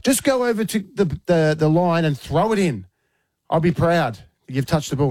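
An Australian radio host tells a story in lively chat, slipping into the voices of the people in it. His voice sits a little high for a man. The sound is close and dry. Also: moderate pace, dry recording. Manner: animated, acts out quoted voices.

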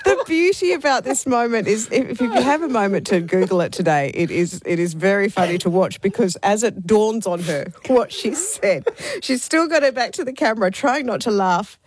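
A woman's voice: medium pitch, moderate pace. A woman co-hosting a radio show, telling a funny story. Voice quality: laughs often, lively storytelling. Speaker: radio co-host. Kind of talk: casual radio chat.

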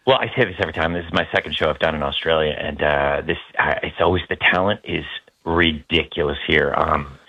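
American male interview guest, very deep, bright-toned, chatty and self-deprecating, studio mic. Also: brisk, breathy edge, dull audio. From United States. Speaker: guest, musical theatre actor. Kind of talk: radio interview chat. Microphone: studio microphone.

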